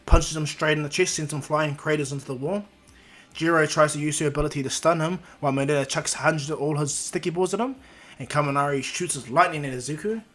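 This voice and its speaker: A man's voice: fairly high pitch, quick pace, fairly bright tone. A man casually narrating a fan story off the cuff, with many fillers and restarts.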